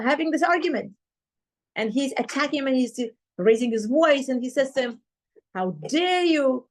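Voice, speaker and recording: A woman teaching a Torah class, retelling a story with lively acted-out dialogue. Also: high-pitched. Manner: animated retelling, acting out quoted dialogue.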